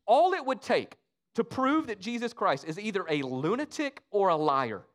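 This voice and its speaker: A man preaching an Easter sermon, swinging between loud emphasis and soft, low asides. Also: very animated, normal speed. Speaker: pastor.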